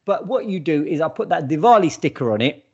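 A man, co-hosting a casual chat and steering the talk in a wry, measured way. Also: on the high side, expressive, dark tone, slightly rough. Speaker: podcast co-host. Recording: dull lo-fi sound.

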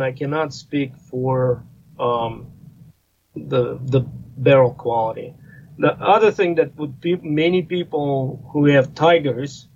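A man's voice: on the high side, darkish tone. Male guest expert, rambling conversational delivery full of fillers, muffled remote audio with light hiss. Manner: rambling, with many fillers and restarts. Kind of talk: casual podcast discussion. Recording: slightly muffled line with faint noise.

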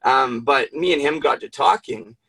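Male host, gravelly, husky, emotional rambling chat. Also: medium pitch, moderate pace, sharp tone, no room sound, poor audio. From Canada. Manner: emotional, rambling, swears freely. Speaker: podcast host. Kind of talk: casual interview chat.

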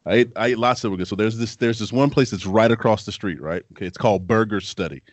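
A man co-hosting a podcast in casual chat, telling animated stories and laughing often. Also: fairly low pitch, quick pace, no echo. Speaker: podcast co-host, former football player. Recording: dry, dull lo-fi sound.

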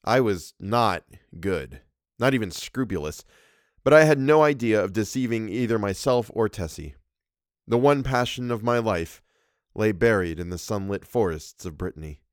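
A man hosting a podcast, reading a horror story aloud with a measured, expressive delivery. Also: fairly low pitch, dry recording, clean studio sound. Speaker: podcast host and narrator.

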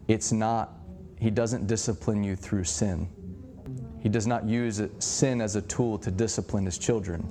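A middle-aged man preaching with animated storytelling, acting out the dialogue of his stories. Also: on the low side, measured pace. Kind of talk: sermon-style teaching.

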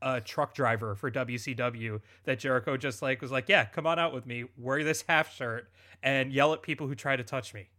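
A man co-hosting a casual podcast chat, animated and putting on mocking voices as he retells scenes. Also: mid-range voice, normal speed. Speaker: podcast co-host. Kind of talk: casual chat recapping wrestling.

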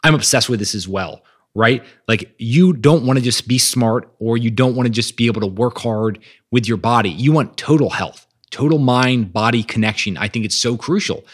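Energetic man giving a motivational talk. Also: mid-range voice, moderate pace, husky. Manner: energetic, emphatic, reads quotes aloud. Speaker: podcast host. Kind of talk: motivational monologue.

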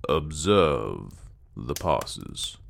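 A man playing a thoughtful, pipe-smoking gentleman in a storybook reading. He asks his questions slowly and deliberately, his voice sitting low. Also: huge pitch swings, creaky, slight background noise, heavily acted. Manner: slow, measured questioning.

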